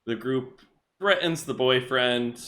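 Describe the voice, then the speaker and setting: A man's voice: mid-range voice, takes it slowly, bright, forceful tone. A man co-hosting a podcast, recapping comic book plots in casual chat and laughing often. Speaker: podcast co-host.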